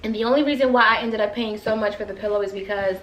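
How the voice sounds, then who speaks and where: A woman's voice: mid-range voice, fairly even intonation, quick pace, fairly bright tone. Chatty woman vlogging in echoey bedroom. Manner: chatty, gushing, addresses viewers as you guys. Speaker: lifestyle vlogger. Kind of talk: casual chat to camera. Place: bedroom at home. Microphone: camera on the floor at eye level. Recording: echoey room with faint hum.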